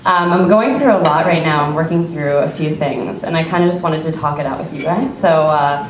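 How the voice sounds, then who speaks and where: A woman's voice: sits low, a little fast, a little hiss or hum. A young adult woman telling a chatty stand-up story, laughing through her lines. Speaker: stand-up comedian. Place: comedy club stage with audience. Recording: echoey club from far off, crowd.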